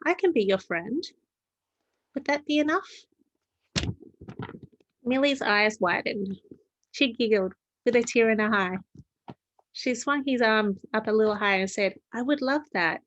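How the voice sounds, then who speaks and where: A woman reading her own story aloud, with plain, unhurried narration and small slips she corrects. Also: medium pitch.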